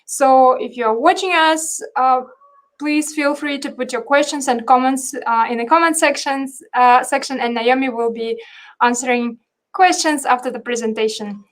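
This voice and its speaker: A woman hosting a live stream, introducing the guest in a deliberate, formal way with hesitations. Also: high-pitched. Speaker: host.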